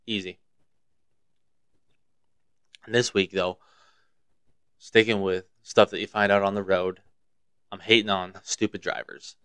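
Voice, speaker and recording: A man's voice: fairly low pitch, fairly bright tone, clear, resonant tone, no room sound. A young man from Montana hosting his own podcast, talking in a profane, rambling, fired-up way about whatever is on his mind. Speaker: podcast host. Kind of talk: casual solo podcast rant.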